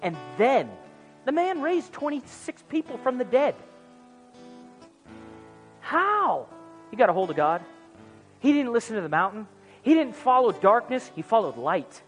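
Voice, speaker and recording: Man preaching in a reverberant church hall with faint music behind; high, husky, lively delivery. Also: unhurried, long pauses. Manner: animated, acts out dialogue in comic voices. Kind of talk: sermon.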